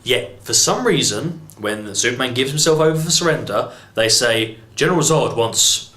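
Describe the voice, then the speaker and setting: A man's voice: medium pitch, lively intonation, normal speed, bright, forceful tone, roomy sound. An English man reviewing a film in an exasperated, sarcastic rant, swearing freely. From England. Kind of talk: ranting movie review.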